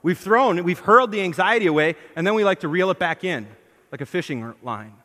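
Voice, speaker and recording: Sitting high and fairly bright, this pastor's animated voice moves briskly through a sermon, heavy with long hall reverb from the church hall. He questions his congregation emphatically and performs the lines he cites.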